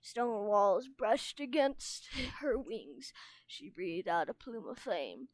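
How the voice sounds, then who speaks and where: A woman's voice: mid-range voice, lively intonation, slow pace, no room sound. A woman reading a novel aloud expressively, now and then tripping over words and commenting on the characters. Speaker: reader and teacher.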